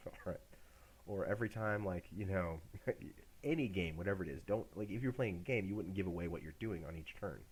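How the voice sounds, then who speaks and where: A man's voice: low voice, a little fast, husky. A middle-aged man giving a university lecture in a casual, jokey way, acting out examples as he goes.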